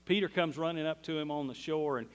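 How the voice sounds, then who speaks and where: A man's voice: fairly high pitch, fast talker, clear, resonant tone. A man with a Southern US accent preaching a sermon, telling a Bible story in a folksy way. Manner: folksy storytelling, acts out quoted voices. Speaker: pastor. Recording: long hall reverb.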